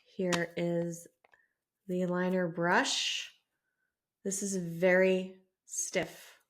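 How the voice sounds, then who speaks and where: A woman's voice: fairly low pitch, level tone, drawn-out words. Chatty woman doing her makeup on camera. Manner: chatty, self-deprecating, talks to camera while applying makeup. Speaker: beauty vlogger. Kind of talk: casual makeup tutorial chat. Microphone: camera mic with mirror some distance off.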